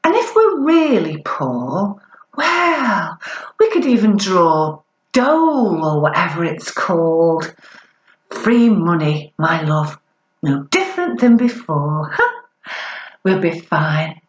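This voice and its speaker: A woman's voice: on the low side, sing-song, takes it slowly, roomy sound, dull audio, voice pushed down. A woman voicing a glib young royal wife, talking in a chirpy, mock-upbeat, teasing way. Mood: mock-cheerful.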